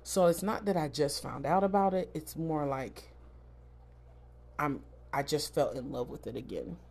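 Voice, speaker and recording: A woman's voice: low voice, normal speed, creaky, a little mellow. A woman in her thirties from South Florida, hosting a casual solo podcast in a candid, chatty, emphatic way. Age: 30s. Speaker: podcast host.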